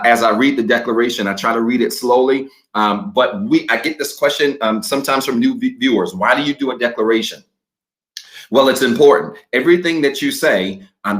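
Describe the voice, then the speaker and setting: Male pastor, mid-pitched, lively, direct address to online viewers, slow measured reading. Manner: energetic, talks to viewers directly. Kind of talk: livestreamed sermon.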